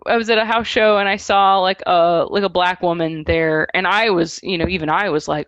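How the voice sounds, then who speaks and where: A woman in her thirties chats casually as a musician guest on an interview show. She tells animated stories and slips into acted-out quotes. Her voice sits slightly low and comes across dull and lo-fi in a dry recording. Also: a little fast, hardly any pauses, dry recording.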